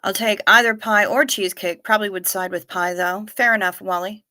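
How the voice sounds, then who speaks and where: A woman's voice: mid-range voice, fairly even intonation, a little fast, pushed and bright, no echo, studio quality. A woman hosting a live stream in a casual, chatty way, reading out viewer comments with wry asides and repeating herself for effect. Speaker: livestream host.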